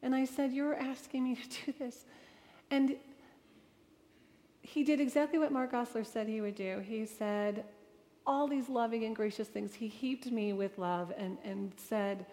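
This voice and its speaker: A woman with a somewhat high voice tells a personal story to an audience. She speaks earnestly and emotionally, acting out bits of dialogue as she goes. Her voice rings with the long reverb of a large hall. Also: steady tone, measured pace, mellow. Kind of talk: personal testimony talk.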